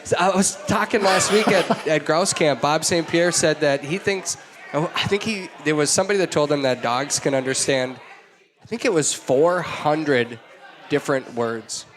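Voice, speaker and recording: A man's voice: a little high, moderate pace. A man hosting a live podcast at a brewery, joking easily and laughing often. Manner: jokey, easygoing, laughs often. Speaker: podcast host. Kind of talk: live podcast chat with audience.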